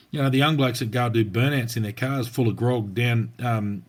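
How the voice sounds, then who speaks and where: Blunt Australian man telling stories. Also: medium pitch. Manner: blunt, colloquial storytelling with slang. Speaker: podcast co-host, former police officer. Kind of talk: casual podcast chat.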